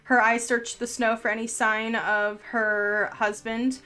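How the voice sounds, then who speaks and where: A woman who, as game master, narrates a tabletop game in an unhurried, descriptive storytelling way. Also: fairly high pitch, level tone, pushed and bright, smooth.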